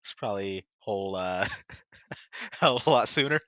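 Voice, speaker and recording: A player chatting casually, slow and often laughing. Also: sits low, animated, a bit bright, no room sound, clean studio sound. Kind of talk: casual game chat.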